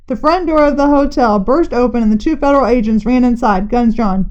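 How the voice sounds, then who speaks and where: A woman with a fairly high voice reads a children's chapter book aloud, lively and animated. The recording is dull and a bit lo-fi, like a home microphone. She slips into quick character voices for the dialogue. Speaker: narrator reading a children's novel aloud. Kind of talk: storybook read-aloud.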